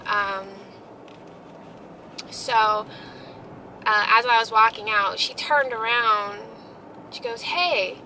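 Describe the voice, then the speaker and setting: A woman's voice: a little high, fairly even intonation, slow pace, long pauses, bright, forceful tone, slight background noise, rough recording. A young woman telling a heartfelt story in a casual family vlog, rambling with many fillers. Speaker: family vlogger.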